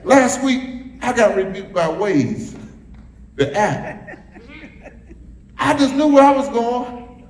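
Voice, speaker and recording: A man's voice: very high-pitched, lively intonation, slow pace, long pauses, slight background noise. A man preaching a sermon as pastor, repeating phrases and drawing responses from the congregation. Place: church sanctuary. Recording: echoey hall, roomy reverb.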